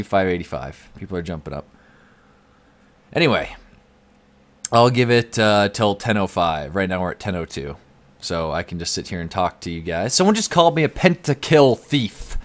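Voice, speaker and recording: A young man streaming live from home, chatting casually and reading out the chat. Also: lowish voice.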